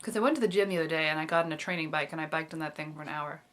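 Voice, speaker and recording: A woman's voice: low-pitched, racing, fairly bright tone. A woman in her twenties chatting casually in a video diary, rambling with lots of fillers and little laughs. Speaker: vlogger.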